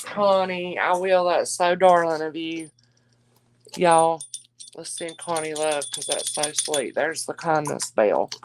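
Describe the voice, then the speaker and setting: A woman's voice: on the low side, rough recording. A woman hosting a live jewelry auction stream, chatty and gushing, calling her viewers darling and y'all. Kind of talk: casual live-stream selling chat.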